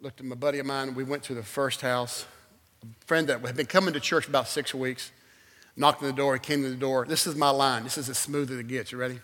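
A man preaching a sermon, telling a personal story with animated swings from loud exclamations to a hushed altar call. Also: mid-range voice, fast talker. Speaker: guest preacher. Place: church sanctuary. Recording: long hall reverb.

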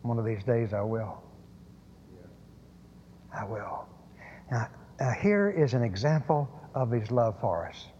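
A man's voice: mid-range voice, very animated, slow pace, long pauses, warm tone, a little hiss or hum. A man preaching a sermon, emphatic and prone to repeating words and restarting phrases. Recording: lo-fi sermon recording in a reverberant hall.

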